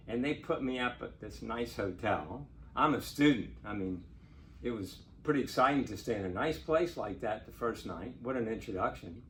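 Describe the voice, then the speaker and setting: An older man, a lawyer, telling a true personal story in a chatty, animated way and laughing now and then. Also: mid-range voice, slight background noise. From Portsmouth, Virginia. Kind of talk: casual spoken storytelling.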